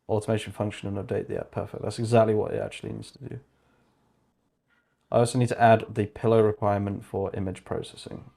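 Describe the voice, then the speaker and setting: A young man with a slightly low voice talks loosely through a coding livestream. He swears, muses aloud, and drops into a flat murmur when reading notes off his screen. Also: gravelly. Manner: chatty, swears freely, thinks aloud. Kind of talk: casual livestream chat while coding.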